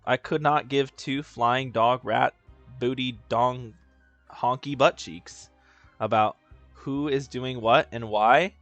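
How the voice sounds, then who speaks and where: A man's voice: medium pitch, a bit bright, dry recording. A young man live-streaming a video game, joking, swearing freely and chatting with his viewers. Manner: joking, profane, laughs a lot, talks to chat. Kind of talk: casual live-stream commentary.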